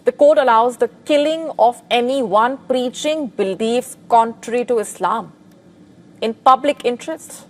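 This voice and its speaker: A woman presents a scripted news report in a measured, formal way. Her voice is somewhat high for a woman. She keeps a steady newsreading rhythm.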